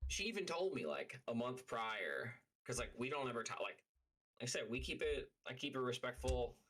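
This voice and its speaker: A man vents on a live stream in a bright, sharp voice. He tells his story as a profane rant full of filler words, with a middling pitch. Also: big pitch swings, moderate pace, rough recording. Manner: heated, profane venting with many fillers. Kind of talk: casual livestream rant.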